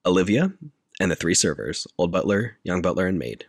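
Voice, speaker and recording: A man's voice: sits low, big pitch swings, fairly quick, no room sound, clean studio sound. A man casually retelling a film's scenes in detail on a podcast, talking in a loose, filler-heavy way. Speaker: podcast co-host recapping a film. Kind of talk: casual chat.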